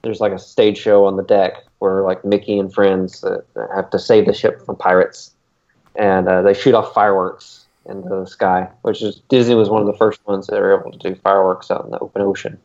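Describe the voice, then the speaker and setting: Low-voiced man chatting on a podcast. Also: level tone, fairly quick, a little mellow. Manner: rambling, many ums and uhs. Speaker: podcast co-host. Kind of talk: casual chat. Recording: dull lo-fi recording.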